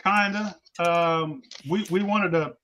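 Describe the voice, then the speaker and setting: A man's voice: high voice, steady tone, slow pace, bright, forceful tone. A man guest telling brash, profane stories about drinking in casual chat, swearing heavily and laughing often. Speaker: guest, moonshiner.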